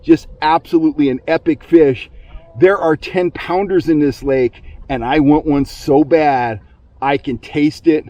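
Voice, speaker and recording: Excitable man fishing from a lake boat. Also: a little high, measured pace, no echo, low-quality recording. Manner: excitable, exclaims loudly when fish bite. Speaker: fishing channel host. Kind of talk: outdoor fishing vlog narration.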